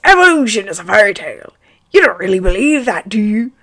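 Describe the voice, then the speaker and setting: A woman's voice: medium pitch, very animated, a little fast, full character voice. A woman voicing a kind, preachy giant man with a put-on accent in a fanfic reading. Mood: beaming. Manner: loud, beaming, put-on accent.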